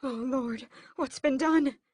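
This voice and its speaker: A woman reading an audiobook, voicing a scheming vampire mother who speaks in a high, grand manner. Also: animated, moderate pace, a bit bright, no room sound. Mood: distraught. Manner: grand, high-pitched, swings from sobbing to gloating. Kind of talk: audiobook character voice.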